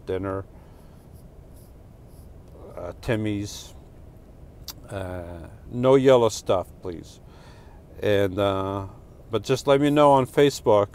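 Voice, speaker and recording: His voice sits lowish, a little mellow, clear and resonant. A middle-aged man from Portugal with a New Jersey and New York accent, he rambles, jokes, and corrects himself while reading comments on a casual live stream.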